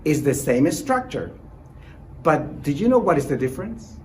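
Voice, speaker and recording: Male language teacher for an online lesson, animated intonation, upbeat encouragement, clear model sentences, faint room noise. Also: fairly high pitch, normal speed, rough recording. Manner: encouraging, repeats short praise and reassurance. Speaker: Spanish teacher.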